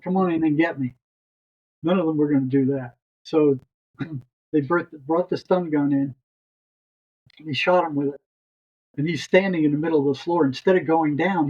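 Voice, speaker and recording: Older male guest storyteller, husky voice, rambling restarts, muffled lo-fi audio. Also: a little high, a little mellow. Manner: rambling, repeats words as he restarts. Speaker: guest, retired psychotherapist. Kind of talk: long storytelling anecdote.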